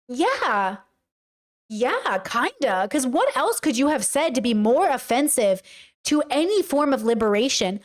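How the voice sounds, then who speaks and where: A woman's voice: high-pitched, lively intonation, normal speed. A woman livestreaming, reading a text aloud and reacting with emotional, exclaiming commentary. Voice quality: tearful at times. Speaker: streamer reacting to a video.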